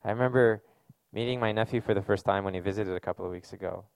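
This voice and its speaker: Male pastor, gravelly, dry close sound, casual earnest sermon delivery. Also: on the low side, fast talker, no echo. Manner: conversational, earnest preaching with casual fillers.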